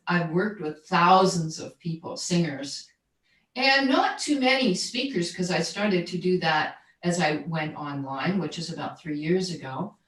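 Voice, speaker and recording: A woman who is a voice coach and jazz singer, explaining her methods in a conversational interview, often checking in with "right?" and repeating words as she searches for them. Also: on the low side. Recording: roomy echo, distant from mic.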